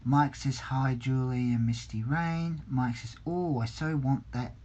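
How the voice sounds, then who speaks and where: A man talking slowly and unhurriedly on a casual livestream, pausing often with ums and restarts. His pitch sits in an ordinary middle range. He reads viewer comments aloud and chats back to them from his hobby room. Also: steady tone, a little mellow. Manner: slow, hesitant, many ums and restarts. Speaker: livestream host.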